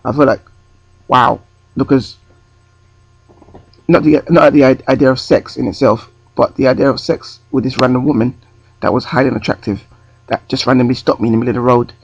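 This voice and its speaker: A man tells a story straight into his webcam, wandering off track and correcting himself. His voice is gravelly and a little husky. The sound is dry and dull. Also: mid-range voice, fairly even intonation, a little fast, long pauses. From North London. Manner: rambling, self-correcting. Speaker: vlogger. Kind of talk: storytime vlog. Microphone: webcam close to the face.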